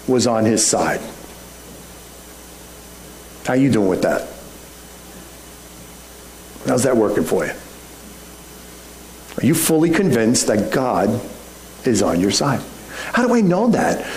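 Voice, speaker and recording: Speaking from a church sanctuary, a pastor with a lowish, slightly mellow voice preaches in a conversational way, asking many rhetorical questions. The recording is echoey, with a faint hum in the background.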